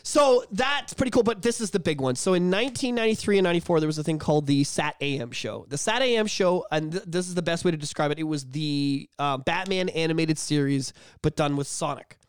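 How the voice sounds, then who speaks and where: A man co-hosting a casual podcast, telling stories in an excited, rambling way and swearing freely. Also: on the high side, brisk, hardly any pauses, smooth, dry recording, clean studio sound. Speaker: podcast co-host. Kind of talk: casual chat.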